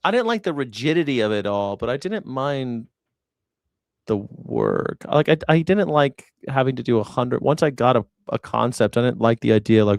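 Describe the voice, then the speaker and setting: A man's voice: medium pitch, normal speed, creaky, dry recording, studio quality. A man hosting a casual reaction show, talking bluntly and rambling with plenty of swearing. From grew up in a city. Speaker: news reaction host.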